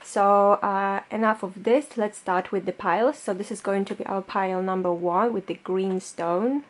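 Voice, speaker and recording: A woman's voice: medium pitch, steady tone, moderate pace. A woman tarot reader doing a pick-a-card reading straight to the camera. She talks in a loose, reassuring way, with lots of fillers.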